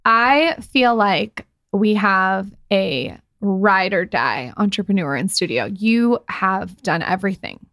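A woman's voice: mid-range voice, animated, takes it slowly, few pauses, fairly bright tone, no room sound, clean studio sound. A woman hosting a podcast, bubbly and enthusiastic as she introduces and questions a guest. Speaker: podcast host. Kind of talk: casual podcast interview.

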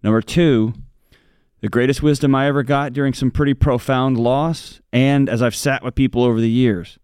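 A man's voice: medium pitch, steady tone, moderate pace, a little mellow, clean tone, no echo. Male co-host, earnest and pleading, dry close mic, radio advice show. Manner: earnest, pleading, joking asides. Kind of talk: radio call-in advice talk.

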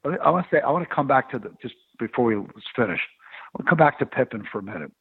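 A man and former sports agent telling stories in a radio interview, animated and opinionated. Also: mid-range voice, fast, breathy edge, no echo. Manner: animated storyteller. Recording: tinny phone-line radio sound.

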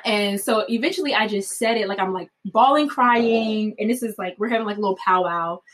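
A woman telling a personal story in a chatty, animated way, full of fillers and frequent laughs. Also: mid-range voice, a little fast, low-quality recording. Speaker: mother telling her birth story.

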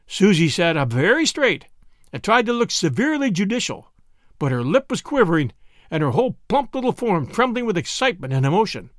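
Lively, high-voiced male storyteller. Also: a little fast, no echo, clean studio sound. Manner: expressive storytelling, lively delivery. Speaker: narrator. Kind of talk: audiobook reading of a classic story.

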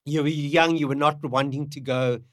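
A middle-aged father, talking in a halting, emotional way and often repeating himself. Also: a little high, steady tone, fairly bright tone, no echo, clean studio sound. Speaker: parent, podcast guest. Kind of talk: candid conversation.

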